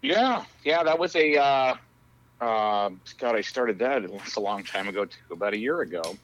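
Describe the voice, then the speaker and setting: A man's voice: medium pitch, animated, normal speed, lo-fi sound. Rowdy, profane man in his fifties. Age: 50s. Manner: rowdy, loud-mouthed, profane. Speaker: guest, filmmaker and musician. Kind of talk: casual interview chat.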